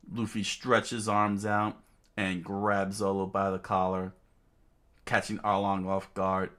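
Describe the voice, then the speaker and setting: A man casually reading a manga aloud, halting often with fillers and restarts. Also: sits low, level tone, a bit bright. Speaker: reader.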